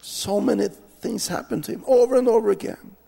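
A Norwegian missionary preacher gives an earnest testimony during a church talk, frequently stopping and restarting his sentences. His high-pitched voice is a little fast, gravelly, mellow and husky, with a long reverb tail.

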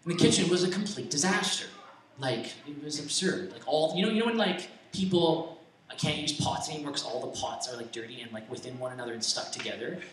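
A man's voice: fairly high pitch, fast talker, a bit bright, slight background noise. Young guy preaching, super casual, keeps restarting, mic kinda far off in a roomy space. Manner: rambling, conversational, many fillers and restarts; self-deprecating humor. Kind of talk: informal sermon with personal stories. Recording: echoey room, distant mic, faint ambience.

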